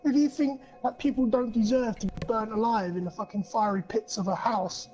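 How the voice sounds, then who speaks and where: High-voiced man ranting, lo-fi sound. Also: steady tone, brisk, darkish tone. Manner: swears heavily, rambling with many fillers. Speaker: podcast co-host. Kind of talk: casual ranting chat.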